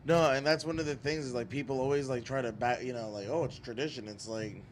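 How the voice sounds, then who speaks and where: A man talks in loose, profane podcast chat, heated and rambling. His voice sits at an ordinary middle pitch. A faint hiss sits under the recording. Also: quick pace. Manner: profane, animated, slips into mock mobster voices. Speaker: podcast host. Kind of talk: casual chat.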